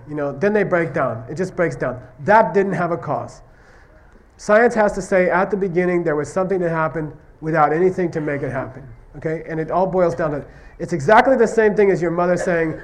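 Male Buddhist teacher, slightly high voice, chatty lecture, constant "okay?" check-ins. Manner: repeatedly checks understanding with "okay?" and "you see what I mean?"; tells stories, acting out question-and-answer exchanges. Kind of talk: conversational classroom lecture.

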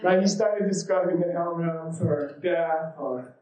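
A man with a slightly high voice teaches a class in a loose, rambling way, full of fillers, side stories and easy laughter. His voice carries a noticeable room echo, as if he is speaking in a roomy indoor space. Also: a little slow, dark tone. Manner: rambling and informal, many fillers, laughs easily. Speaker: yoga and meditation teacher. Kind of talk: casual teaching talk with anecdotes.

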